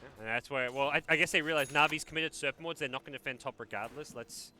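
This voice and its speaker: An Australian man commentating a live esports match in a chatty, relaxed way, with lots of fillers. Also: mid-range voice, fast talker.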